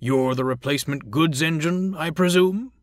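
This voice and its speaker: A man voicing a brisk, authoritative male railway boss in a crisp, formal way, pitched above his own voice. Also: dry recording, natural voice.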